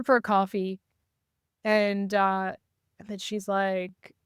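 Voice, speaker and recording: Woman, podcast guest, animated storyteller, mid pitch, dry close mic. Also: takes it slowly, pauses often, smooth, no room sound. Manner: lively, acts out quoted dialogue. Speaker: podcast guest, intuitive reader. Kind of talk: casual storytelling interview.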